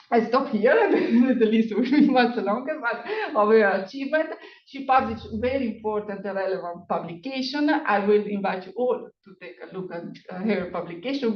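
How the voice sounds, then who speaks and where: Woman moderator, formal speaker introduction, halting with fillers, echoey room, muffled sound. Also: mid-range voice. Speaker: event moderator. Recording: echoey hall, dull lo-fi sound.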